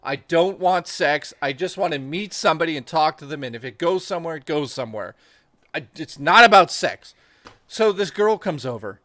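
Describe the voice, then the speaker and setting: A man telling crude, animated stories in casual chat as a stream co-host. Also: on the high side, normal speed, no room sound, studio quality.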